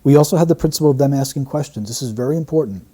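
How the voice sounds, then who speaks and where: A man's voice: mid-range voice, rapid-fire, warm tone. A man analysing an interview clip, explaining the wording of a statement phrase by phrase. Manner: explanatory, breaks down quotes phrase by phrase. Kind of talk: analytical commentary.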